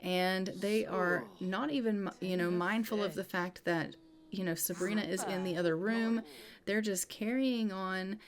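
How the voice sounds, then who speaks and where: A woman's voice: mid-range voice, measured pace, a crowd in the background. Chatty woman narrating a life-sim game. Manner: chatty storytelling, many fillers. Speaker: gameplay video creator. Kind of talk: casual gameplay narration.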